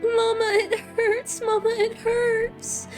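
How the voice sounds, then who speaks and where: A woman voicing a tantrum-prone little girl in a high, squeaky, childish whine while reading a visual novel aloud. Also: level tone, slow pace, faint music behind. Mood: wailing.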